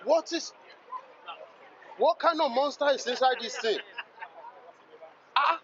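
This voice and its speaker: High-voiced excitable man at a car meet. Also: a little slow, dull audio, slight background noise. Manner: exclamatory, hyped, repeats phrases. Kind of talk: excitable walkaround vlog. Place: outdoor car meet in the rain.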